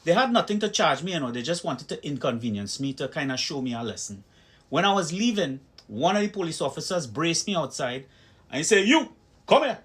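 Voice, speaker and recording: Man, Trinidadian accent, somewhat high-pitched, emphatic, storytelling vlog commentary. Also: big pitch swings, fairly quick, fairly bright tone. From Trinidad and Tobago. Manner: emphatic storytelling, acting out heated exchanges. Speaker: video commentator. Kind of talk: personal opinion vlog.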